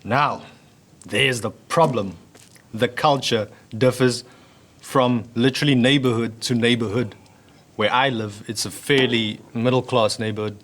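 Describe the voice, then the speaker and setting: A man talks as a guest in a casual conversation. He is candid and blunt, tossing in quick asides at an everyday pitch. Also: fairly even intonation, a bit bright. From South Africa.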